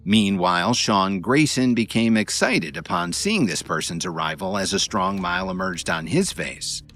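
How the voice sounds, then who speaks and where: Low-voiced man narrating an audiobook. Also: expressive, normal speed, a bit bright, soft background music. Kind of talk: audiobook narration of a web novel.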